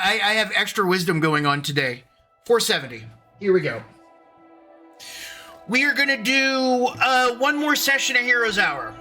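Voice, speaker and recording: A man with a fairly high, bright voice hosts a casual live stream from his home computer. He rambles, restarts sentences and greets viewers by name. Faint music plays behind him.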